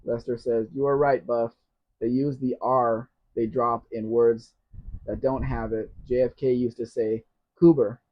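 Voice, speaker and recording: A man's voice: mid-range voice, level tone, measured pace. A man hosts a live question-and-answer stream, reading viewers' comments aloud and answering them. He talks in a chatty way and slips in dry jokes. The audio is dull and lo-fi, like a basic stream setup. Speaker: host.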